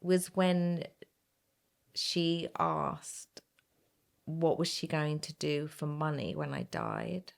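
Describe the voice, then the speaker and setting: A middle-aged woman, a guest in an interview, telling her story in an expressive, animated way with frank language. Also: deep voice, slow, gravelly, pauses often. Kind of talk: casual interview conversation.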